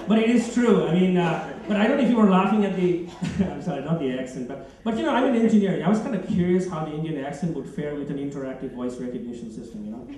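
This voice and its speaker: A man from Bangladesh doing an animated stand-up set in front of a live college audience. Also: a little high, fast talker, few pauses, a little hiss or hum. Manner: animated, acts out phone calls in different voices. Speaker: stand-up comedian. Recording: echoey hall, from far off, crowd.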